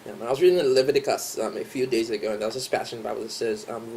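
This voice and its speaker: A young Nigerian man with a Nigerian accent, chatting casually in a vlog, relaxed and rambling with lots of ums. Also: medium pitch, very fast, hardly any pauses, a little hiss or hum. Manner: relaxed and rambling, many ums and you-knows. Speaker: vlogger. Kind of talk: casual tag video chat.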